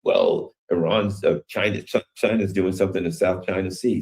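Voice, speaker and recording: Deep-voiced man musing on world news. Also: fairly even intonation, normal speed, darkish tone. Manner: rambling, conversational, rhetorical questions. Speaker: commentator. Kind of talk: casual political commentary.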